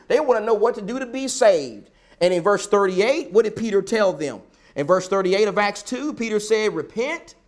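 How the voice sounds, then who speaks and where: Guy preaching a sermon, pretty high voice, repeats himself a lot for emphasis. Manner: emphatic, repetitive, rhetorical questions.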